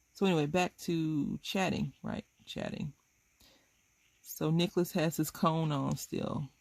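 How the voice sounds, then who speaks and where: A woman's voice: deep voice, gravelly, no room sound. A woman hosting a craft video, chatting casually and rambling with amusement while she colors.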